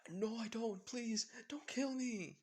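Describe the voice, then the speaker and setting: Man putting on a shrill paranoid survivor guy. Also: quick pace, breathy edge, exaggerated voice. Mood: panicked. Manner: pleading, terrified.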